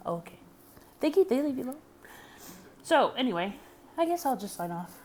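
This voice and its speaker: A woman's voice: on the high side, big pitch swings, moderate pace, pauses often, a little mellow. An American woman vlogging in casual chat, rambling, frank and chatty, hot and sweaty. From United States. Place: indoors in Germany.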